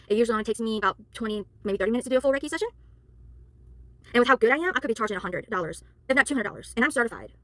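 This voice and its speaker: Speaking to camera, a weary tarot reader and spiritual worker launches into an exasperated, heated rant and apologizes for yelling. The recording is dry, and her voice runs a little high.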